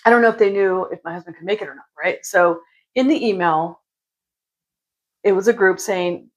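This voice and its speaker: A woman's voice: mid-range voice, moderate pace, rough recording. A woman in her forties casually telling a story to camera, chatty and exasperated, acting out what others said. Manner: chatty and exasperated, acts out quoted lines; sips wine while talking. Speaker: vlogger.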